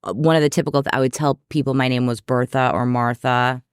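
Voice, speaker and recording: A woman from New York, a podcast guest and therapist, telling candid stories in an animated, self-deprecating way. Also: rumbling low, fast, clear, resonant tone, no echo, studio quality. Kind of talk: candid storytelling in conversation.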